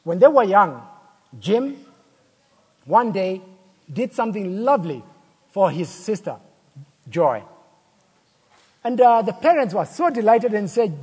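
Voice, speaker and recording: High-voiced preacher in a reverberant hall. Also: male voice, very animated, unhurried, long pauses, a little mellow, slightly rough. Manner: storytelling, acts out quoted voices, rhetorical questions. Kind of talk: sermon.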